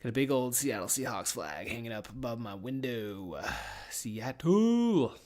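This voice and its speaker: This podcast host is a young man chatting alone from his room, easygoing, meandering and heavy on the swearing. His mid-range, sing-song voice moves a little slowly and sounds slightly mellow.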